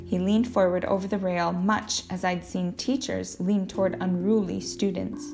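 A woman reading a novel aloud in a plain, measured way, with now and then a slip and a restart. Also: on the low side, little pitch movement, a little mellow. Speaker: audiobook reader. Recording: guitar music playing underneath.

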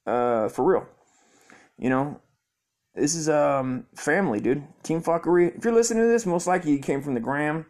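A man's voice: a little high, expressive, moderate pace, a little mellow. Profane, frustrated man ranting on a podcast. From Southern California. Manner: profane, frustrated, muttering asides. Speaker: podcast host. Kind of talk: rambling solo podcast rant.

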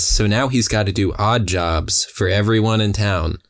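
A young man with a very low voice who pitches story ideas in a laid-back, easygoing way. The sound is dry, with no room around it. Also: moderate pace, hardly any pauses, dry recording. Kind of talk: casual improvised storytelling.

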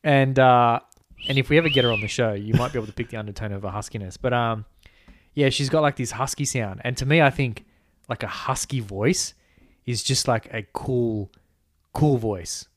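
A married man co-hosting a podcast, talking in a relaxed, understated way with drifting asides. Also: medium pitch, moderate pace, no room sound, studio quality. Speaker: podcast co-host. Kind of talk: casual chat.

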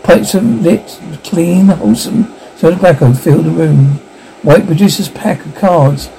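A man narrating a story aloud in a steady reading manner, with small slips. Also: a little high, unhurried, creaky, a little hiss or hum, poor audio.

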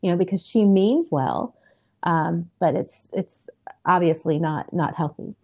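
A middle-aged woman with a low, mellow voice shares a story as a podcast guest. She talks in an earnest, easygoing way and uses plenty of fillers. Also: a little slow, husky. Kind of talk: casual storytelling in an interview.

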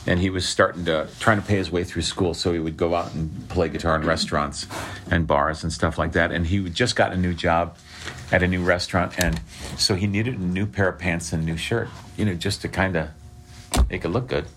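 A deep, fairly bright male voice carries this sermon a little fast, with fairly even intonation and a light hiss or hum in the audio. The preacher talks conversationally, restarting lines and checking in with "okay?" often.

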